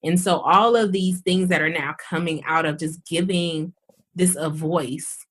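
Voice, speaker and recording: Woman, doctor, podcast guest, candid, animated, casual slang. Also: low voice, measured pace, slightly rough. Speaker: gynecologic surgeon guest. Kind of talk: conversational podcast interview.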